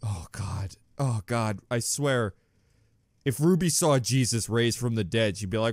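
A man's voice: medium pitch, unhurried, a little mellow, no echo. A man hosting a reaction video in casual commentary, joking crudely and often laughing at his own jokes. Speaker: reaction channel host.

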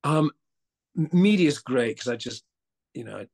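This is a male actor guesting on a casual interview, speaking at a moderate pace in a mid-range voice with vocal fry. His accent is mixed with an Australian tinge, and he talks animatedly, stammering and restarting, laughing and mimicking voices.

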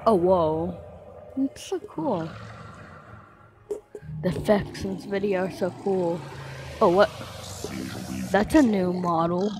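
A woman's voice: lowish voice, slow, pauses often. A sick woman with a cough, hosting a casual reaction video and exclaiming often.

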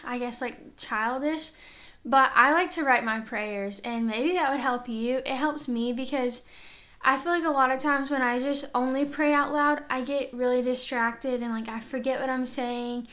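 A woman's voice: high voice, steady tone, normal speed. A woman vlogger in casual chat to camera, earnest and chatty, filling her talk with "like.". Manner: earnest, chatty, heavy use of "like". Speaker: faith vlogger. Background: soft worship music.

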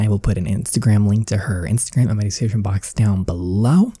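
A man hosts a let's-play of a story game, talking straight to his viewers in an excitable, chatty way. His voice is very dark and mellow with a husky edge, recorded dry and close. He sounds tired and worn out. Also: on the low side, no room sound. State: tired and sweaty after a vaccine dose. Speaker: gaming YouTuber. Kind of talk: casual let's-play commentary, reading a story game aloud.

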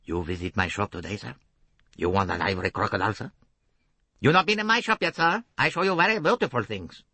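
A man's voice: on the low side, expressive, a little fast, pushed and bright, slightly rough, no room sound, voice pushed up, exaggerated voice. Pushy wheedling street shopkeeper, voiced by a man. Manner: suave, persuasive, broken English.

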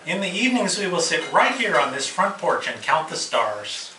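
A man reading aloud and voicing an eager, cheerful male frog from a children's storybook, calling out brightly. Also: on the high side, very animated, normal speed. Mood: coaxing. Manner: calls out brightly and urgently. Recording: echoey room, far mic, loud party noise.

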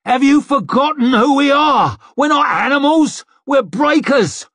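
A man's voice: very high-pitched, lively intonation, measured pace, fairly bright tone, no room sound, clean studio sound, voice pushed up, exaggerated voice. A man voicing a furious male leader of rioting workers, roaring commands at his crowd. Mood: commanding.

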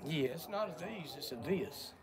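A man's voice: fairly high pitch, expressive, normal speed, a crowd in the background. An older man from Georgia with a Southern accent, folksy and chatty, greeting viewers on a live stream while coughing from sore lungs. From Georgia, USA. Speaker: livestream host. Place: outdoors on a porch work site.

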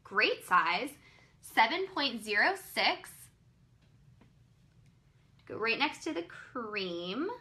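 A woman hosting a live online sales show, gushing and exclaiming excitedly as she presents each item. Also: on the high side, very slow, pauses often. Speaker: live-stream pearl seller.

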